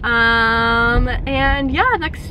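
A woman's voice: a little high, fairly even intonation, drawn-out words. Chatty young woman vlogging from a car. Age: young adult. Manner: chatty, rambling with many fillers. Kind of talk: casual vlog chat. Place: in a car while driving. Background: road and car noise.

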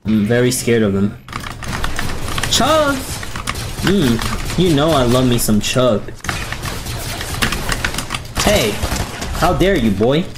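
Young male streamer, casual slangy chat, very lively swings into excited yelps; keyboard noise in the mix. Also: medium pitch, slow, pauses often. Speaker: game streamer. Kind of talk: casual live-stream chat while gaming. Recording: loud keyboard clicks behind. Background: keyboard typing.

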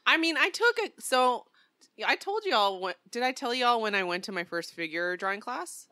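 A woman's voice: fairly high pitch, animated, normal speed, pushed and bright, dry recording, studio quality. A young woman co-hosting a podcast, chatting casually and telling playful, joking stories. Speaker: podcast co-host. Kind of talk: casual chat.

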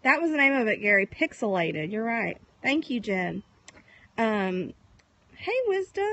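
A woman's voice: fairly high pitch, sing-song, unhurried, pushed and bright, dull audio. Chatty woman live-streaming outdoors. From Texas. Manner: chatty, greets viewers by name. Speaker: livestream host. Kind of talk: casual live-stream chat. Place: outdoors in the countryside at sunset.

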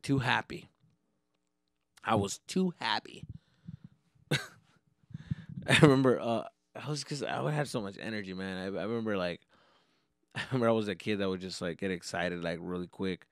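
A young man hosting a podcast, telling profane, animated comedic stories. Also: sits low, normal speed, long pauses, smooth, no room sound, studio quality. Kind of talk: comedic storytelling monologue.

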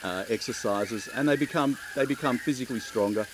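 A middle-aged man with an Australian accent, giving chatty, relaxed interview answers and laughing easily. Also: mid-range voice, brisk, noisy background. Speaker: keynote speaker.

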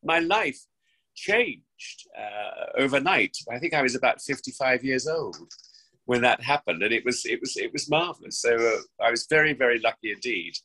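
A man's voice: medium pitch, very animated, normal speed, pushed and bright, poor audio. A man in his sixties, an actor from England's West Country, chatting effusively and theatrically as an interview guest, with frequent restarts. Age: 60s. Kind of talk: remote interview chat. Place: home during lockdown.

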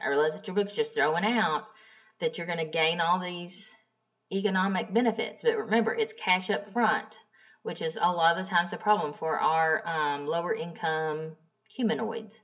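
A woman's voice: fairly low pitch, moderate pace, far from the mic. Chatty woman teacher, dull lo-fi sound. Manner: chatty, animated storyteller acting out dialogue. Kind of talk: casual classroom lecture with storytelling. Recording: dull lo-fi recording.

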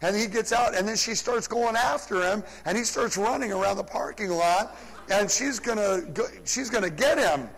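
A man with a high voice preaching from the front of a church, telling a story in an animated way and laughing along with it. The recording was made live, and his voice rings out into a long hall echo. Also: moderate pace. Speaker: pastor. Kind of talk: sermon storytelling. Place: church service, large room.

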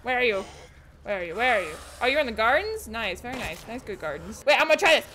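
A young woman streaming a horror game, jumpy and excitable, shrieking and swearing at the game as she plays. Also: on the high side, fast, noisy background. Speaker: gaming streamer. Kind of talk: let's play commentary.

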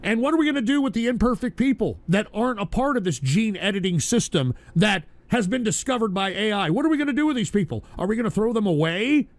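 A male live-stream host ranting through broadcast commentary, profane and combative, swinging into shouting at his chat. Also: high-pitched, lively intonation, fast talker, hardly any pauses, no echo.

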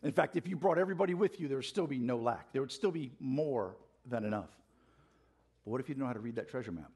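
A man delivers a church sermon with mounting passion. His voice carries a husky, slightly breathy grain at an ordinary middle pitch. He calls questions out to the congregation and drives his points home. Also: animated, fast, darkish tone. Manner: passionate, fired-up preaching with call-and-response. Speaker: preacher. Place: church sanctuary.

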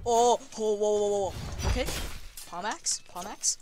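A speaker giving live gameplay commentary, trash-talking opponents and swinging between low mutters and sudden yells. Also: normal speed, over music. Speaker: gamer.

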